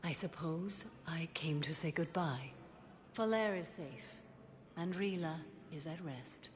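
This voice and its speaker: An actress playing a stern, solemn alien warrior woman who speaks in a calm, formal, restrained way. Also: sits low, slow.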